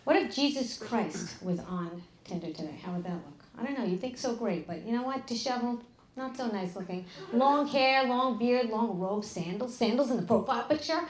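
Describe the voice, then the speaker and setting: A middle-aged woman with a fairly high voice working a live comedy crowd. She is brash and profane, tossing off deadpan asides between punchlines, and her voice rings around an echoey venue. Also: normal speed. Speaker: stand-up comedian. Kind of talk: live stand-up comedy set. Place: club stage with an audience. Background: audience laughter.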